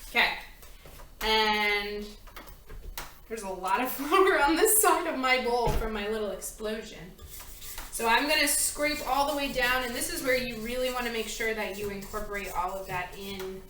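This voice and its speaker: A woman's voice: on the high side, moderate pace, sharp tone, slight background noise. A woman casually talking through a baking recipe step by step as she works in her home kitchen. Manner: chatty, talks through each step while working. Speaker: home baker demonstrating a recipe. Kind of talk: casual cooking tutorial. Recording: echoey kitchen, mic at a distance, clattering dishes.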